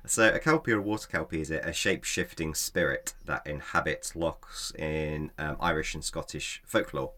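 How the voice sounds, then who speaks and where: A man's voice: rumbling low, normal speed, few pauses, sharp tone. A man co-hosting a casual podcast, chatting and reading folklore notes aloud with frequent laughs. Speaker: podcast co-host.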